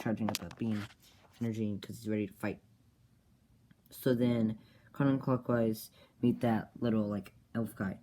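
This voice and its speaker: A man's voice: lowish voice, background noise. A man casually retelling a story, rambling with many restarts. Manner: rambling, full of fillers and restarts.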